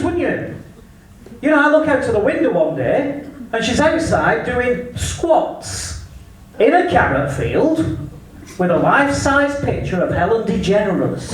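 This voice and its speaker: Brash English stand-up comedian, echoey room. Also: male voice, extremely high pitch, sing-song, a little slow. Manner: brash, crude punchline delivery. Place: comedy club stage. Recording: echoey venue from far off, faint noise. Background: audience laughter.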